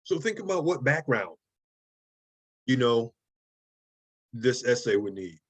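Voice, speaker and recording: A man's voice: medium pitch, very animated, takes it slowly, husky. A man teaching a college writing class, lecturing casually and checking in often with "okay?" and "right?". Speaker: writing instructor.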